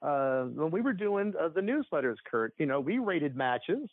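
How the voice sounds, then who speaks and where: A man's voice: fairly high pitch, sing-song, normal speed, no room sound. A man chatting casually as a podcast guest, rambling with lots of fillers and restarts. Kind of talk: casual chat. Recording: tinny phone-like line.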